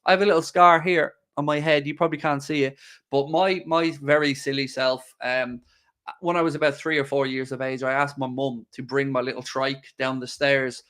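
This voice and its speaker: A man's voice: mid-range voice, little pitch movement, normal speed, a bit bright, clear, resonant tone. A man hosting a live stream, chatting casually and joking as he answers viewers' questions. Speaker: livestream host.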